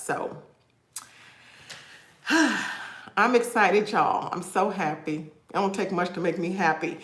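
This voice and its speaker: A woman's voice: lowish voice, roomy sound. A woman hosts a live video-call session as a credit repair coach, giving an encouraging motivational talk to her viewers. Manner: warm, encouraging, addresses viewers as "y'all".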